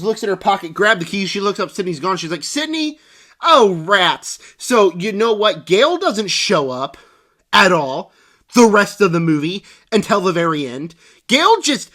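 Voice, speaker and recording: Ranting through a spoiler-filled movie review, a young man with a high, bright voice stays animated and sarcastic. He keeps slipping into mocking voices for the characters.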